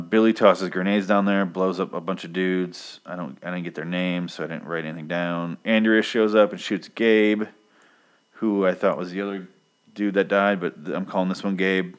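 A man casually recapping a comic book issue, rambling, swearing freely and filling pauses with "um". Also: sits low. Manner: rambling, profane, lots of ums.

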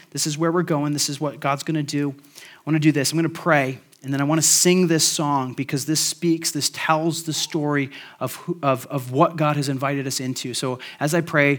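A man with a fairly high, slightly bright voice preaches a sermon to his congregation as a pastor. He talks conversationally, using lots of fillers, and ends by praying.

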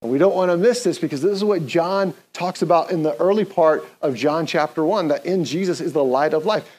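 Man, pastor, sermon, earnest, conversational, slightly higher voice. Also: brisk, darkish tone. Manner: earnest, conversational preaching with call-and-response.

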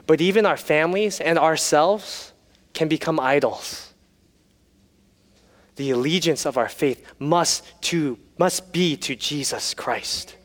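A man's voice: fairly high pitch, a bit bright, long reverb tail. A man preaching a sermon, telling stories with humor and then turning earnest. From United States. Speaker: pastor.

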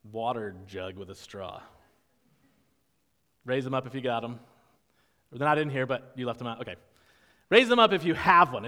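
Man preaching a lively sermon in a reverberant hall. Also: a little high, clean tone. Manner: animated, acts out disciples' reactions in voices. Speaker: pastor. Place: church sanctuary.

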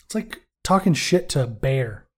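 A man in casual podcast talk, loose and jokey, cursing often as he rambles through his thoughts. His voice sits at an ordinary middle pitch, neither high nor low. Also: expressive, normal speed, breathy edge. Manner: swears freely, jokey and rambling. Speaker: podcast co-host. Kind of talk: casual chat, reviewing a TV episode.

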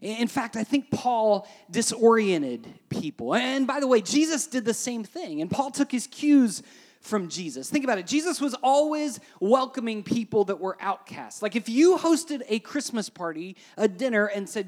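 A pastor preaching a sermon in a chatty, animated way, often checking in with "right?" and swinging between quiet and loud. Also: medium pitch, normal speed. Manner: conversational, with frequent "right?" asides.

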